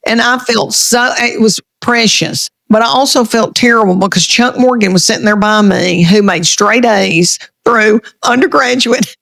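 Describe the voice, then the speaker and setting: A middle-aged woman comedian with a thick Southern country accent, chatting folksy and animated in an interview. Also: on the high side, creaky. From American South. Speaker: comedian guest. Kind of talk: casual interview chat.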